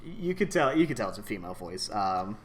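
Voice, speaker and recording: A man narrating a tabletop game as game master, in a laid-back, halting way with lots of ums. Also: fairly low pitch, very animated, a little hiss or hum.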